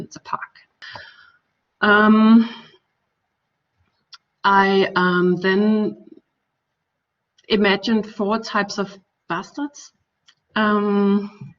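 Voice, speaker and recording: Danish-accented woman lecturer, slow and halting, fairly low voice, heard from a distance on a muffled recording. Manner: hesitant, many fillers and restarts. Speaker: architecture lecturer. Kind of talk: academic talk.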